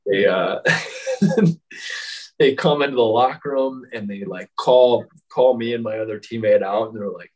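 A man's voice: medium pitch, moderate pace, a little mellow, low-quality recording. A man telling a story in casual chat, rambling with many fillers and frequent laughs.

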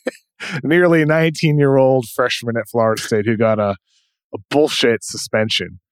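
A man with a New England accent hosting a basketball podcast, giving quick, informal rundowns of players. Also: mid-range voice, clean tone, dry recording. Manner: brisk, informal, rundown style. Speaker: podcast host. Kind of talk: casual basketball chat.

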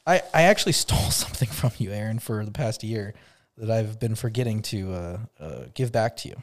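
A man's voice: fairly low pitch, lively intonation, a little fast. A man hosting a podcast in casual chat, joking and teasing his guests and laughing often. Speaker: podcast host. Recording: podcast mic.

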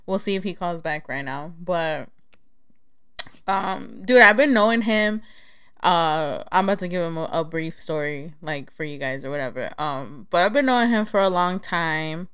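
A woman's voice: on the low side, lively intonation, normal speed, fairly bright tone, clean tone. A young woman from the Chicago area hosting her own podcast, chatting casually and candidly, swearing freely and laughing easily. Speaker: podcast host.

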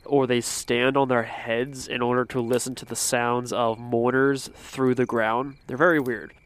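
A man with a smooth, resonant voice talks through a casual folklore explainer. He rambles a little, leaning on fillers like "kind of" and "sort of". He drops self-aware asides along the way. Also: mid-range voice. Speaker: folklore video narrator.

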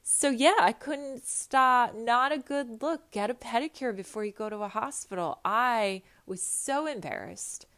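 A woman telling a personal story in a chatty, animated, self-mocking way, with quick asides and restarts. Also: a little high. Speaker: storyteller recounting a hospital visit. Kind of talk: casual storytelling monologue.

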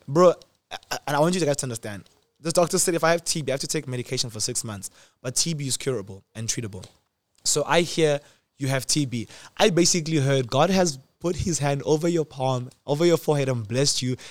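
A man in his twenties telling a personal story in a casual, slangy way, swinging between loud excitement and quiet reflection. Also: fairly high pitch, quick pace, no echo. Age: 20s.

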